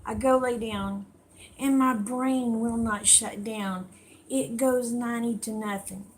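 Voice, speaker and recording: A woman's voice: a little high, fairly even intonation, takes it slowly, a little hiss or hum. Folksy tired woman chatting. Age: older. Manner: folksy, chatty, greets viewers by name. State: tired, yawning. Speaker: livestream host. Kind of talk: late-night livestream chat with viewers.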